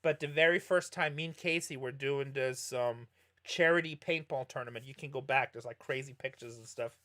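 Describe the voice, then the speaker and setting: A man's voice: medium pitch, normal speed, pushed and bright. Rambling middle-aged man chatting casually. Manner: rambling, self-correcting storyteller. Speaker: streamer answering viewer questions. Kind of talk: casual livestream chat while playing poker.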